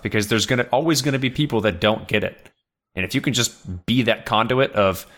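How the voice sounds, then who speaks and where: A man's voice: lowish voice, fairly bright tone. A man co-hosting a podcast, talking in an earnest pep-talk manner in casual chat. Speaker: podcast co-host.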